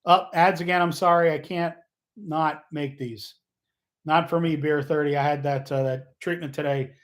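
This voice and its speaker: A man hosting a casual livestream, rambling and joking, often losing his train of thought and getting loud and fired up. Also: a little high, steady tone, moderate pace. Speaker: livestream host.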